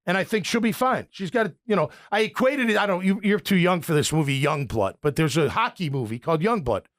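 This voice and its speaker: A man's voice: sits high, animated, fairly quick. A middle-aged American man hosting sports talk radio, rambling and opinionated with frequent restarts.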